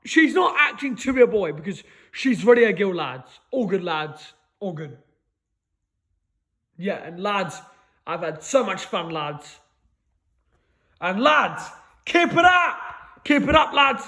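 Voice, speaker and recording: A man rambling in a solo recording, stammering and restarting, and tagging phrases with a low muttered "lads". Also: a bit bright. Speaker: vlogger.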